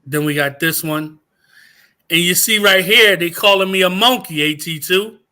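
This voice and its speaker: Bright-voiced angry man ranting on stream. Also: high voice, normal speed. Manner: profane, heated, repeats phrases. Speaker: livestream host. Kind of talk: angry livestream rant.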